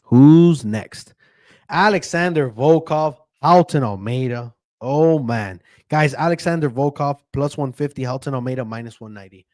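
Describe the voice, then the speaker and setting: A man's voice: mid-range voice, moderate pace, hardly any pauses, no echo. Guy doing mma bet picks, talks blunt n swears, keeps saying right?, mid voice, dry no room sound. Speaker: MMA betting handicapper. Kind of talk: casual fight breakdown and betting picks.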